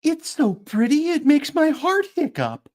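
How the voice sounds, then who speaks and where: A man voicing a chirpy, sing-song, excitable character in an audiobook, high and lively. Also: a little slow, full character voice. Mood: giddy. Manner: giddy, wide-eyed.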